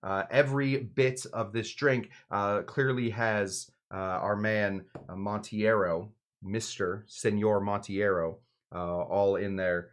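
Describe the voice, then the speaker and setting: A man with a low-pitched voice hosts a casual cocktail livestream from his home bar. He rambles through the recipe with constant "uh"s, asides and self-deprecating jokes, chatting to viewers as he works. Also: steady tone, slow. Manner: rambling, filler-heavy, self-deprecating joking. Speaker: cocktail show host. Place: home bar in Los Angeles.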